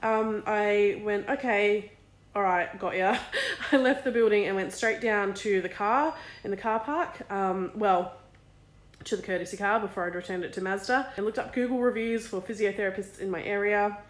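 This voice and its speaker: A woman in her thirties talks straight to camera in a casual vlog, open and emotional, with plenty of swearing. Her voice sits at an ordinary middle pitch. The sound carries a roomy echo. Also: moderate pace. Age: 30s. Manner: candid, emotional, swears freely. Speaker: vlogger and small business owner.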